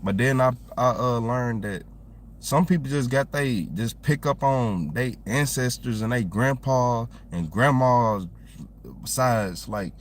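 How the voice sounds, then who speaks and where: A man's voice: medium pitch, takes it slowly, slight background noise. A young man with a Southern American accent, chatting casually and rambling on a livestream with lots of slang.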